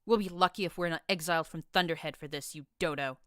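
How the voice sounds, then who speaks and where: A proud, furious pegasus mare soldier spits out accusations at her younger sister, as a woman reads her in an audiobook. The voice sits low and smooth, harsh and contemptuous in tone. It is recorded close and dry. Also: fast, a bit bright, dry recording. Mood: scornful. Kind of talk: audiobook character reading.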